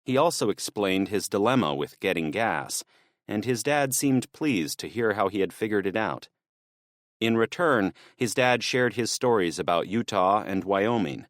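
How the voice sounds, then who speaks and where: Casting: deep male audiobook narrator, measured and even, dry close studio sound. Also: no echo. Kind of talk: scripted narration.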